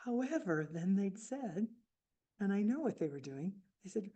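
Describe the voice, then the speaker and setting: A woman in her seventies telling a personal story at a book fair, reflective and halting with restarts. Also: mid-range voice, sing-song, dark tone, highs cut off. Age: 70s. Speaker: author speaking at a book fair.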